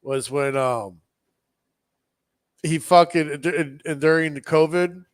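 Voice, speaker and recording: A man's voice: fairly high pitch, slow, dry recording, studio quality. A man co-hosting a podcast, telling a story in casual chat, swearing often and acting out what people said. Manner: animated storyteller, swears a lot, acts out quotes. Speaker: podcast co-host.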